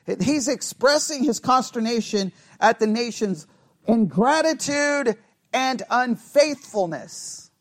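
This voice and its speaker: Animated high-voiced male Bible teacher. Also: slow pace. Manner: animated, asks the class questions, self-correcting.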